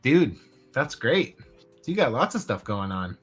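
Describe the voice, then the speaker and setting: A man's voice: mid-range voice, very animated, a little slow, faint music behind. A man hosting a casual live stream, laid-back, laughing often and swearing now and then. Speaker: host of a live customizing stream.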